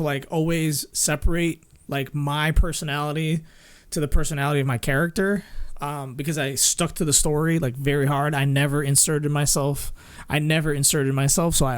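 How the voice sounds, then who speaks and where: A man's voice: on the high side, clear, resonant tone. A man streaming and chatting casually, rambling with lots of fillers, restarts and little laughs. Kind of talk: casual chat with chat.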